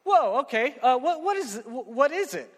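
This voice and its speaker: A man voicing an ordinary young man who stammers with growing excitement. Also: very high voice, moderate pace, long reverb tail, voice pushed up, full character voice. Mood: excited.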